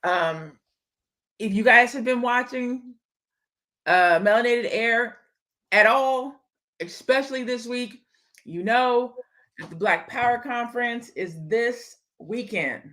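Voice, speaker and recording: Woman with a slightly high voice. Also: slow pace, fairly bright tone. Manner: conversational, wraps up with announcements. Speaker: co-host. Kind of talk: casual chat.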